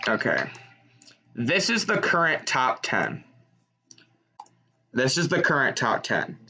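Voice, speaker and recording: Excitable young man reacting to football. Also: medium pitch, takes it slowly, gravelly. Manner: excitable, shouts at big plays. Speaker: sports streamer. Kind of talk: live reaction commentary.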